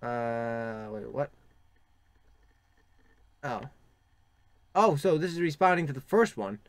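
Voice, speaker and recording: A man's voice: mid-range voice, animated, slow, dry recording. A young man hosting a gaming channel, reading game chat aloud and adding crude, sarcastic jokes as he plays. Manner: joking, crude asides, sarcastic. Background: keyboard typing and clicks.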